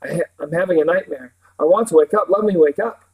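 A frightened teenage girl from a storybook read aloud, begging in a voice nudged a little higher than the reader's own, with a man doing her. The pleading sits on top of a plain, unforced reading voice. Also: fast talker, creaky, darkish tone, breathy edge, poor audio.

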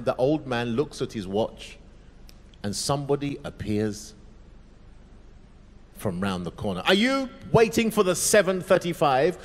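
A male pastor telling a story in a sermon, dramatic and vivid, dropping to a hush at moments. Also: mid-range voice. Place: large church. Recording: echoey church hall.

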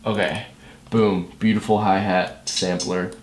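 A man's voice: sits low, a little slow. Hyper, foul-mouthed man in an echoey room. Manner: hyper, profane self-talk while working; jokey mock-dad banter. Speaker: music producer. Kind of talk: comedic beat-making challenge vlog. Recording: echoey room with steady noise.

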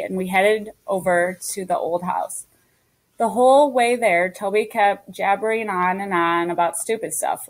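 Woman reader, mid pitch, steady first-person storytelling for a children's book. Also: rough recording. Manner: steady storytelling as a young girl. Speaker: audiobook narrator. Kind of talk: scripted first-person audiobook narration.

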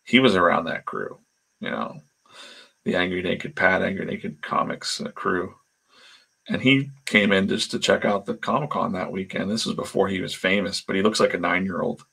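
A man with a low, gravelly voice that's pushed and bright with a breathy edge speaks at normal speed. While drawing comics on a live stream, he tells rambling anecdotes in casual chat and acts out the voices of the people in them.

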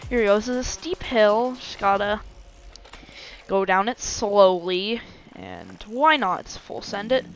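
A woman's voice: mid-range voice, big pitch swings, slow pace, soft background music, low-quality recording. A woman giving casual gameplay commentary, self-mocking, with frequent exclamations and sighs of relief.

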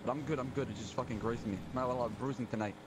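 A man quickly calling out directions in role-play, often repeating his words. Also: mid-range voice, fairly even intonation. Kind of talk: crime role-play, navigating. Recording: audible background noise.

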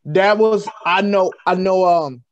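A man's voice: high voice, slow pace, no room sound. A man, joking playfully in a casual chat. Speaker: podcast co-host. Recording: dry, dull lo-fi sound.

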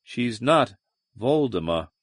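A man voicing Donovan, a weary, hardened soldier commander in an audiobook, with a low, clipped and brooding delivery. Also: very animated, slow, breathy edge, dry recording, studio quality, exaggerated voice.

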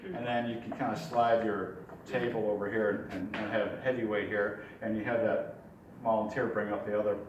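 A man teaching a puppetry workshop in a relaxed, chuckling way, demonstrating as he goes. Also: on the low side, normal speed, highs cut off. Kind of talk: informal workshop lesson. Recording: echoey hall from far off, faint ambient noise.

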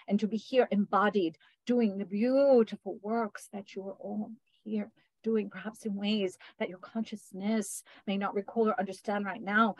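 A woman channeling a gentle, formal collective of light beings over a video call, with lilting phrasing and a repeated "yes". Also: mid-range voice, dry recording, low-quality recording. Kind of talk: spiritual channeling.

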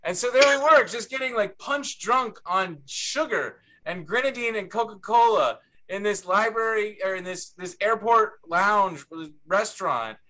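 A man, a book's co-author, telling an anecdote on a panel with an animated, chatty delivery. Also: high-pitched, unhurried, hardly any pauses. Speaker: book co-author.

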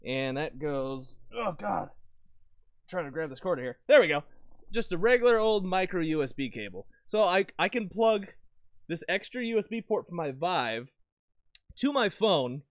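A man talking casually about his recording setup into a lavalier mic at home, rambling and correcting himself with sudden bursts of excitement. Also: a little high, moderate pace, dry recording. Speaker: video creator. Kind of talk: casual gear talk to camera.

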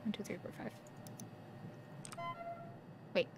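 A woman's voice: slow, heavy background noise. A woman in casual live-stream commentary, playing a horror game, chatty and playful, talking back to the characters and slipping into silly voices. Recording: game ambience under the voice. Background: game sound ambience.

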